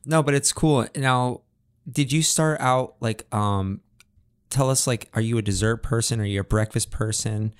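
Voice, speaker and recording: A man's voice: mid-range voice, moderate pace, smooth. Male podcast host, casual, playfully sarcastic, studio mic. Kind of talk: casual interview.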